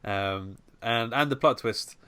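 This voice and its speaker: A man's voice: medium pitch, takes it slowly, sharp tone, slight background noise. A man rambling through a casual podcast chat about a film, with many restarts and fillers. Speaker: podcast co-host.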